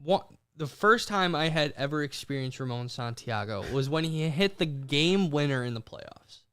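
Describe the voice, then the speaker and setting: A young man chatting casually as a podcast co-host, his voice smooth and clear. He speaks a little higher than most men and tells stories in animated, hurried bursts. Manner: animated storytelling, quick bursts and restarts. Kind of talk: casual chat.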